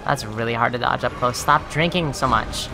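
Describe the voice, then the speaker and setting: With a very deep voice at a normal pace, a woman narrates her video game session against background game music. She curses, sounds exasperated, addresses her viewers, and yells and shrieks each time she dies.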